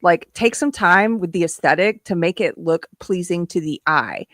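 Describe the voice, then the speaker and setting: A woman hosting a casual live-stream talk show, laughing often and ranting in an animated way. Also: on the low side, moderate pace, no echo, clean studio sound. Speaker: host.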